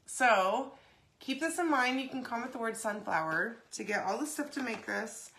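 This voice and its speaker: A chatty woman hosts a home craft video, rambling between steps and checking in with her viewers. Her voice is bright and forward, and she keeps clearing a dry throat. A faint hiss of noise sits under her speech. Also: on the high side, expressive, moderate pace. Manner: chatty, rambling, says "y'all" and "okay?" often. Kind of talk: casual craft demo chat.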